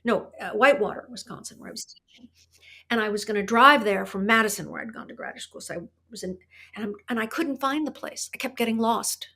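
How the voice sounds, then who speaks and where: With a brisk, bright, forceful voice on the high side, an older woman shares her story as a podcast guest and artist. She is tearing up, and her reflective, conversational telling is thoughtful and emotional, with many restarted sentences.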